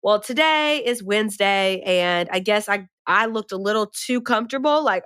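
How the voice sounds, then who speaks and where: Bright-voiced woman telling a story. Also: medium pitch, moderate pace, few pauses, clean tone, no room sound, clean studio sound. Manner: animated, dramatic retelling with rising emphasis. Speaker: podcast co-host. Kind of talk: casual storytelling chat.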